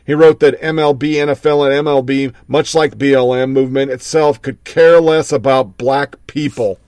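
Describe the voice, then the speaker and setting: A man's voice: medium pitch, fairly even intonation, moderate pace, darkish tone, no room sound. A man hosting a talk show, reading news items aloud with sarcastic commentary. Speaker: show host.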